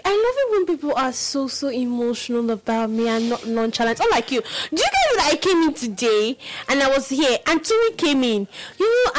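A woman's voice: sits high, poor audio. A Nigerian woman co-hosting a radio show, playful and dramatic as she tells stories. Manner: animated, playful, dramatic storytelling. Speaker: radio co-host. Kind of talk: casual radio chat.

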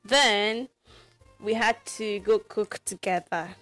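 A woman co-hosting a radio show, telling her story in an expressive, ranting way. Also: medium pitch, slow, soft background music. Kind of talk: casual radio chat.

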